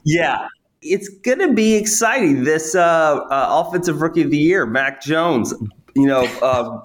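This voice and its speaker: A man's voice: a little high, animated, measured pace. A man being interviewed as an economist guest, talking hesitantly with many fillers. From New England.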